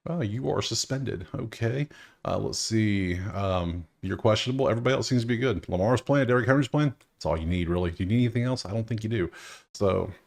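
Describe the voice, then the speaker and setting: Young male host with a lowish voice for a casual betting breakdown, loose and chatty, thinks out loud. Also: brisk, creaky. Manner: loose, talking to himself, swears.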